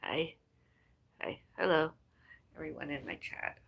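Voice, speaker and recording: A woman's voice: sits low, expressive, measured pace, creaky, husky. A woman chatting casually on a livestream. She rambles and muses aloud, trails off mid-thought, and sighs between ideas.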